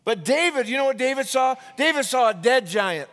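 A male pastor preaching a sermon, retelling scripture stories with lively energy and many restarts and repetitions. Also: very high-pitched, brisk. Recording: long reverb of a large hall.

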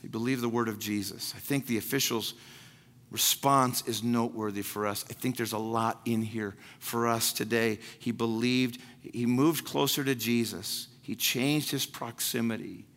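Bright-voiced preaching man in a reverberant hall. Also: mid-range voice, steady tone, normal speed. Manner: emphatic, repeats key phrases, acts out prayers and speech. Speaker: pastor. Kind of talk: sermon.

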